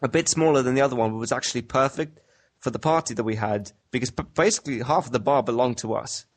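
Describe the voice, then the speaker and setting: A man's voice: medium pitch, quick pace. A man, co-hosting a casual podcast, telling laid-back stories peppered with slang. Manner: laid-back storytelling with British slang and chuckles. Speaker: podcast co-host. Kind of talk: casual chat.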